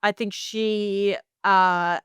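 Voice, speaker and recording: Woman podcast cohost, smooth clear voice, dry close mic, goofy rambling storyteller. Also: mid-range voice, fairly even intonation, very slow, fairly bright tone, no room sound. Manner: playful storytelling, lots of fillers. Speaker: podcast co-host. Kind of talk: casual chat.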